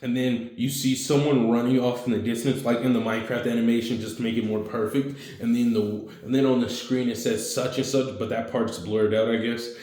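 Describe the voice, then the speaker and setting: A man's voice: mid-range voice, flat delivery, a little mellow. Rambling man telling a story in an echoey room. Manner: rambling, filler-heavy, slips into quick character voices. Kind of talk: casual fan-story retelling.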